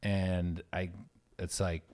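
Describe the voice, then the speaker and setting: Casting: low male co-host, stop-start and thoughtful, casual banter. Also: level tone, slow, darkish tone. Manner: hesitant, repeats words, thoughtful. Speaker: podcast co-host. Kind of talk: casual chat.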